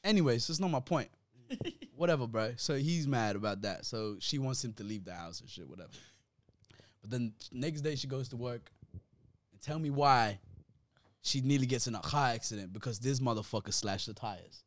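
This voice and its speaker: A young man telling a story in casual podcast chat, animated and slang-heavy, often laughing. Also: medium pitch, normal speed.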